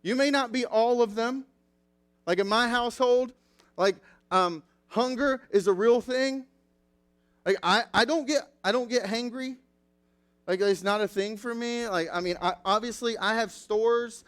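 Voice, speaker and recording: A man's voice: high voice, unhurried, a bit bright, clean tone. A man in his thirties preaching a casual sermon, chatty and self-deprecating, full of fillers and personal stories. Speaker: pastor.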